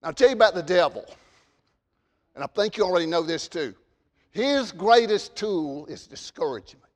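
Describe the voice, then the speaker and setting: A man preaching a sermon, stammering on repeated words and swinging between loud emphasis and quiet asides. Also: sits high, expressive, moderate pace, in a large hall.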